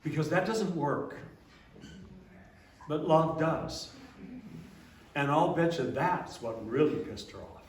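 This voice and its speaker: A man's voice: takes it slowly, long pauses. Older man telling a story in a church hall. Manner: animated storyteller, booming put-on Santa laughs. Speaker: abbot. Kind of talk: storytelling talk to a congregation. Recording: echoey hall, speaker far from mic, faint hiss.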